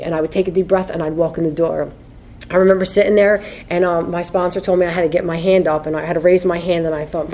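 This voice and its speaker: A woman's voice: fairly low pitch, fairly even intonation, quick pace, a little mellow. A woman in her thirties telling her recovery story at a meeting, candid and conversational, often adding "you know what I mean". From United States. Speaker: AA speaker sharing her story.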